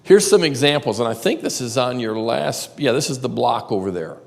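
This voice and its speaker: A man's voice: medium pitch, animated, moderate pace, gravelly. A man teaching a live seminar to an audience in a church auditorium, talking conversationally and quizzing the listeners with questions. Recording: reverberant live hall.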